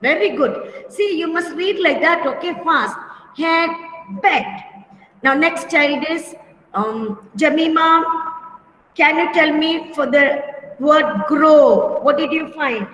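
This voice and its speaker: A woman teacher leading an online class for young children, speaking slowly and patiently, repeating words and calling pupils by name over a computer mic. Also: high-pitched, a bit bright. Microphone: computer mic on a video call. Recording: echoey room with long reverb.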